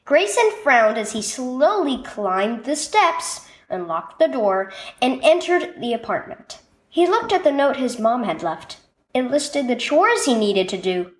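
Woman narrator, children's devotional, expressive storytelling, fairly high, lively pitch. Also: unhurried. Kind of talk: scripted children's devotional reading.

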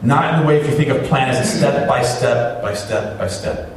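A pastor preaches in a conversational way, asking his listeners questions. His mid-pitched voice reaches the mic from a distance and rings through a very echoey hall, with faint ambience behind it. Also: moderate pace, faint music behind. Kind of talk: sermon.

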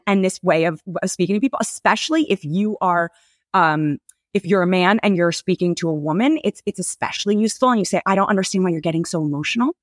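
A woman's voice: lowish voice, dry recording. A woman guest on a comedy podcast, giving mock-serious bad advice in a dry, sarcastic manner. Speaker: guest, public defender. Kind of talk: deadpan comedic podcast banter.

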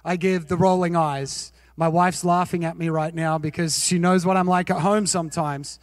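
A man's voice: on the high side, moderate pace, no echo, in a large hall. A male pastor preaching a sermon, telling self-mocking personal stories and asking his listeners questions. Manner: animated, self-mocking, asks the audience questions.

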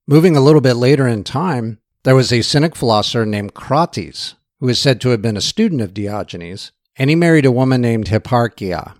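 A man's voice: medium pitch, a little fast, hardly any pauses, no room sound, clean studio sound. A man giving a storytelling history lecture. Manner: relaxed storyteller.

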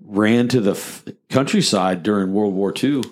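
A man's voice: lowish voice, normal speed. A man hosting a podcast, rambling casually with profane asides. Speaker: podcast host. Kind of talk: casual chat.

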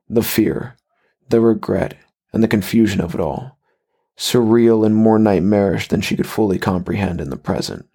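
A male narrator reading a horror story aloud, slow and measured. His voice sits low and husky. He tells the story with steady control.

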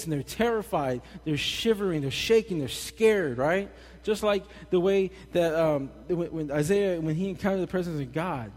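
A young man preaching a casual, animated sermon with jokey asides, recorded in a church hall. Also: a little high. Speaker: pastor. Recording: long hall reverb.

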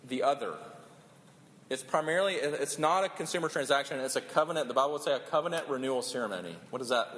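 Pastor preaching in a reverberant hall. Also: male voice, a little high, fairly bright tone. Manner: earnest, repeats words as he builds points. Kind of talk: sermon. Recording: long hall reverb, faint room noise.

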